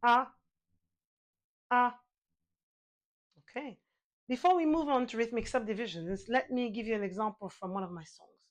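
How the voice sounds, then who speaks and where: A woman teaching a singing lesson, calmly guiding the listener through exercises, counting aloud and demonstrating sounds. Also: fairly high pitch, a little fast. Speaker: vocal coach.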